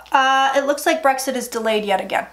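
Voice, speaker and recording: A woman's voice: high voice, normal speed, a bit bright. A woman psychic giving a casual tarot reading vlog, chatty and emphatic, often dropping into murmured asides.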